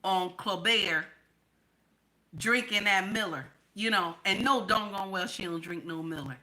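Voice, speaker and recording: In this low-quality clip, a woman from the New York/New Jersey area delivers casual political commentary directly to her viewers. Bright and forceful in a mid-range voice, she keeps a measured pace while bluntly and emphatically saying key lines again and again.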